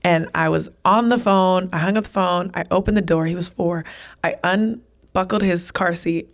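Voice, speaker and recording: A woman's voice: fairly low pitch, moderate pace. A woman in her thirties, a business owner and podcast guest, telling a personal story in an earnest, emotional way. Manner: earnest, emotional, speeds up in bursts.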